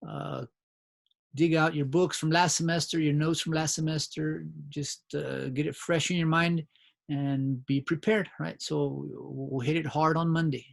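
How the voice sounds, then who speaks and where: A man's voice: a little high, creaky. A man teaching a biology review lecture in a conversational way, often checking in with his students and restarting his phrases. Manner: conversational, frequent "right?" check-ins and restarts. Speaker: biology instructor. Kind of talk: recorded lecture.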